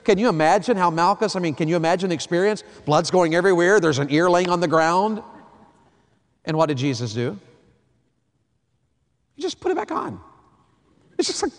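Pastor in his 50s, fairly high voice, preaching big in a reverby hall. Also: fairly quick, pauses often. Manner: animated preaching, swinging from hushed to loud. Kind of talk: sermon. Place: large church hall.

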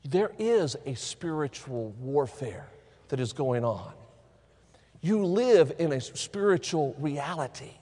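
A man's voice: a little high, big pitch swings, takes it slowly, warm tone. A middle-aged man preaching a sermon in a church, telling stories and repeating phrases for emphasis. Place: church sanctuary. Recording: long hall reverb.

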